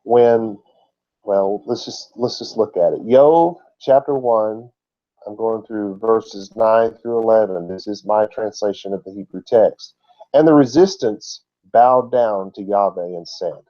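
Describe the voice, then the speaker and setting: A man's voice: lowish voice, a little slow, dark tone, dull audio. A man giving a conversational Bible teaching, explaining texts and asking rhetorical questions. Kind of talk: sermon-style Bible teaching.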